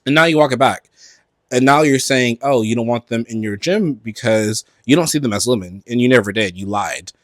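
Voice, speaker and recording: A man's voice: mid-range voice, fairly quick, dry recording, clean studio sound. Chatty, profane man dishing gossip. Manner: animated, gossipy and profane, with frequent fillers. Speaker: podcast host. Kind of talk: casual pop-culture commentary. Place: at home in front of a closet.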